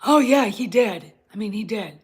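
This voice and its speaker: A woman's voice: fairly high pitch, animated, moderate pace, darkish tone, husky. A woman hosting her own online show, ranting bluntly and with plenty of swearing while talking straight to her live chat. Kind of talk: casual livestream rant.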